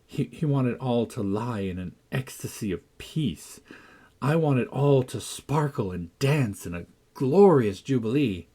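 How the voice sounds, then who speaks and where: A man reading as lively young Catherine. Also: medium pitch, a little slow, husky. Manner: lively first-person storytelling. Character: spirited girl Catherine telling her adventures. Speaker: audiobook reader. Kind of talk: audiobook narration.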